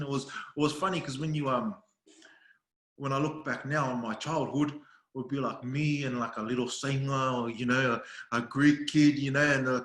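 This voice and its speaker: A man's voice: medium pitch, echoey room. A man with an Australian accent, a podcast guest chatting casually and telling stories with laughs. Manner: laughing, storytelling, quotes others in animated voices. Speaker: podcast guest, video creator. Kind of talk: casual chat.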